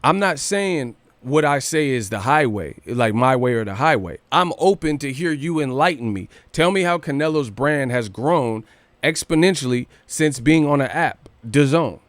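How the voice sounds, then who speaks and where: A man hosting a boxing news livestream, ranting casually with profanity and rapid rhetorical questions. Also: medium pitch, lively intonation, no echo.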